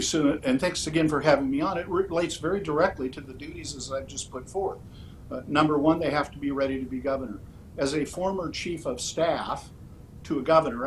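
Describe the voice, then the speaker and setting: A man in a candidate interview who answers in a measured, orderly way, often pausing on "uh" between points. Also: on the high side, slight background noise, poor audio. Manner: measured, orderly, with frequent "uh" fillers. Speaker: political candidate.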